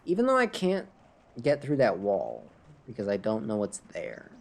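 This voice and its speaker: A tipsy streamer with a Canadian accent rambles to himself during casual gameplay, chuckling at his own jokes after a bit of drinking. His lowish, creaky voice swoops wildly in pitch at a moderate pace.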